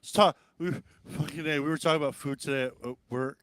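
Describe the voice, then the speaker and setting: A man's voice: fairly high pitch, steady tone, quick pace, a bit bright, dry recording. A man hosting a live-stream talk show, rambling casually and swearing, lifting his voice to mimic others. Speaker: podcast host.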